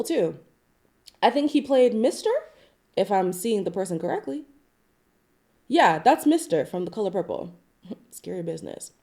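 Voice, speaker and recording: A woman with a nasal voice from being sick, chatting casually to camera as a gossip vlogger, reading news items aloud with chatty asides. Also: warm tone. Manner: chatty, asides and hedges, swoops up in pitch for emphasis. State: sick with a stuffy nose.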